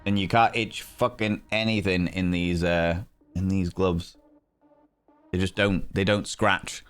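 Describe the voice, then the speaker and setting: A man's voice: low-pitched, fairly even intonation, slow, clear, resonant tone, faint music behind. A man chatting casually on a live stream in a flamboyant, theatrical, camp manner, reading out and thanking his chat.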